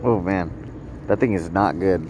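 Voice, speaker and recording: A man rambling through a personal story in a halting, repetitive vlog, often trailing off and restarting. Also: low voice, noisy background. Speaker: vlogger.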